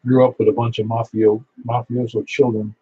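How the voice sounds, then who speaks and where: Over muffled, lo-fi radio audio with slight background noise, a Niagara Falls, New York man acts as net control for a ham radio chat. He talks at normal speed in a mid-range voice with little pitch movement, full of stories and quick to laugh.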